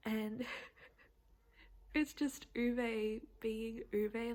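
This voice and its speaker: A woman's voice: on the high side, steady tone, drawn-out words, pauses often, darkish tone. A young woman vlogging in a rambling, chatty way with laughs, teary and close to crying. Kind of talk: casual chatty vlog.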